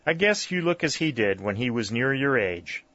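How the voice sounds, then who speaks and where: A man's voice: mid-range voice, sing-song, normal speed, pushed and bright, no echo, voice pushed up. A man reading voicing a hearty middle-aged backwoods mountain man who talks in a folksy, jovial drawl. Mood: explaining, relieved. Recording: dull, lo-fi dry recording.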